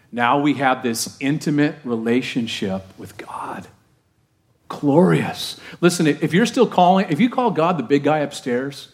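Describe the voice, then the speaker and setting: A male pastor preaching a conversational, animated sermon, often asking the congregation questions. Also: mid-range voice.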